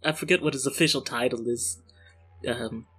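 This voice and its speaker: A brash, crude office bloke, put on by a man with a British accent that never settles on one region. The tone is bright, with a husky edge running through it. He chats in a chummy, rambling way, as in improvised tabletop role-play. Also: mid-range voice, normal speed. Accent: put-on British, drifting between regions. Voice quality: loose, wandering put-on accent.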